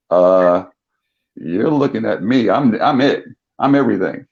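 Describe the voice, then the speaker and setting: A man's voice: slow, gravelly, slightly rough. An older man from South Jersey, a former pro football player, telling stories as a talk-show guest and acting out the voices of the people in them. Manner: animated storyteller, acts out quoted voices with big pitch jumps. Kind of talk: storytelling in a talk-show interview. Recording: dull lo-fi sound.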